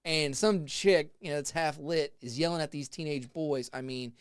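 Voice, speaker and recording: Animated storytelling man in his forties. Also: a little high, normal speed, clear, resonant tone, no room sound, studio quality. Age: 40s. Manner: animated, laughing, acts out voices. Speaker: haunted house actor. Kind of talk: casual storytelling.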